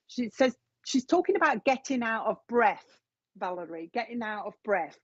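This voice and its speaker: A woman's voice: medium pitch, animated, normal speed, breathy edge, no room sound. Chatty woman giving readings. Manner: chatty, repeats messages from spirit. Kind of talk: live mediumship reading, casual chat. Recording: dull, dry lo-fi sound.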